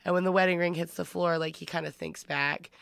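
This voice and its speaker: Woman podcast cohost, lowish gravelly voice, bright edge, chatty, says like a lot. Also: brisk, no echo, clean studio sound. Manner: animated storytelling, heavy use of "like". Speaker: podcast co-host. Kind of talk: casual chat.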